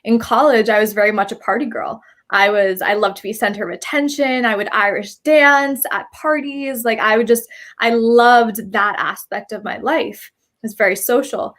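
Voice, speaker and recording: A woman's voice: a little high, steady tone, normal speed, a bit bright. A woman guest on a live-streamed talk show, a spiritual coach who speaks reflectively and keeps checking in with "right?".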